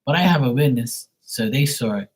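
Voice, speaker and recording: A man's voice: mid-range voice, animated, moderate pace, slightly rough. A man hosting a live stream who tells stories in a rambling, blunt, profane way. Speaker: live tarot reading host. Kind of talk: casual storytelling on a live stream.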